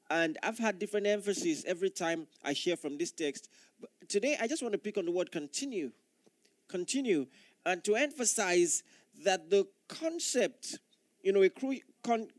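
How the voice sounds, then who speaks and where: A man's voice: sits high, no room sound. A male pastor preaching a sermon in an earnest, emphatic way, repeating key phrases for weight.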